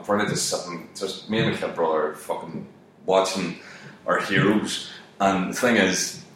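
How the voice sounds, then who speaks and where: A man in his thirties, a comedian telling a profane story and swearing constantly, jumping his voice up for quoted shouts. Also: low-pitched, slight background noise. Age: 30s. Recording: very echoey room, mic at a distance.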